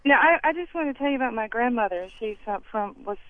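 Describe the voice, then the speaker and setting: A woman's voice: a little high, animated, fast talker. A woman from North Carolina with a Southern accent, calling in and chatting hesitantly with easy laughter. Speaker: caller. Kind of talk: casual chat. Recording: dull phone line.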